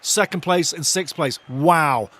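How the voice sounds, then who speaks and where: A man hosting a live football watch-along, commenting as a fan and talking to the viewers in chat. He gets excitable and loud and swears a lot. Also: fairly high pitch, slow pace.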